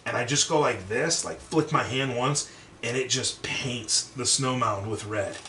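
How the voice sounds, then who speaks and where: A young man with a bright, forceful voice tells a crude story on a podcast, swearing freely and jumping into the voices of the people in it. He sits back from the mic in a roomy, echoey space with a faint hiss of background noise. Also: mid-range voice, a little slow, distant mic. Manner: profane, animated, acts out quotes. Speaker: podcast co-host. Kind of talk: casual storytelling chat.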